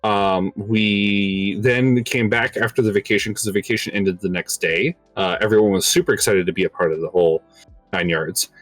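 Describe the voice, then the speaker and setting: A man's voice: lowish voice, steady tone, normal speed, a bit bright, no echo, soft background music. A young man casually telling a long story on a podcast, rambling with lots of filler words and laughing at his own tale. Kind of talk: casual chat.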